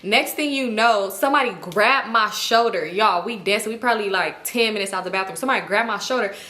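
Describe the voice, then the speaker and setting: A young woman telling a storytime vlog in casual, slangy style, animated and expressive. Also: mid-range voice, a little fast. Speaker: storytime vlogger. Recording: echoey room.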